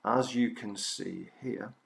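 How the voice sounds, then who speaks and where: A male teacher giving a recorded revision lesson, explaining patiently and haltingly with frequent fillers. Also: lowish voice, creaky.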